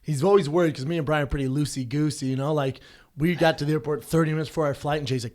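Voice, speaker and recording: A man in his thirties co-hosting a podcast, joking around in casual banter and acting out people in quick, animated voices. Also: fairly high pitch. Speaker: podcast co-host.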